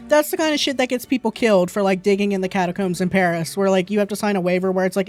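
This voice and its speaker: A woman commentating her game stream in a casual, mid-pitched voice. She mocks the dialogue with sarcastic, swearing asides. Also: racing, darkish tone, faint music behind.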